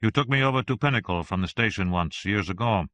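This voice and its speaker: A man's voice: lowish voice, fast, a bit bright, no room sound, lightly acted. A man narrating an audiobook, voicing a polite, disarming man with a slight Italian accent. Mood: courteous. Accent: slight Italian, as played.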